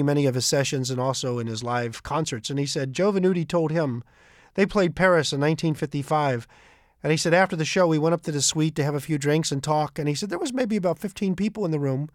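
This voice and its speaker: A man retelling anecdotes about someone else's memories, with animated delivery that keeps repeating what people said. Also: a little high, no echo, clean studio sound. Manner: animated, repeats quoted speech. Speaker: storyteller.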